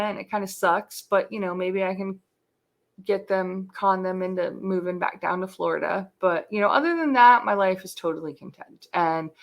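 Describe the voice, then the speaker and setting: A woman's voice: mid-range voice, creaky, a bit bright. A middle-aged woman telling her story as an interview guest, candid and casual, swearing freely and filling her talk with "like". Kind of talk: casual chat.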